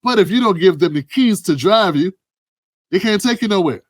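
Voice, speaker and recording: A man's voice: high-pitched, animated, normal speed. A man hosting heated political commentary, blunt and emphatic with profanity.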